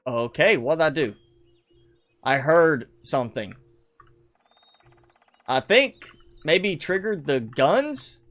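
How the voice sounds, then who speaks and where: A man's voice: a little high, animated, slow, pauses often, fairly bright tone, soft background music. A man casually commenting on a player-built game base on a live stream, rambling and poking fun at himself. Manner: chatty, rambling, self-deprecating, chuckles often. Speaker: streamer showcasing player builds.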